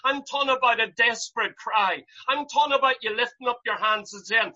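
A preacher delivering an impassioned sermon, piling up rhetorical questions and rising to loud cries. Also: medium pitch, normal speed, hardly any pauses, muffled recording.

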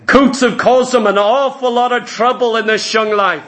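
A man with a very high voice preaches a sermon in a church. His talk is full of rhetorical questions to the congregation, and the sound rings around an echoey room. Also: steady tone, normal speed, a bit bright.

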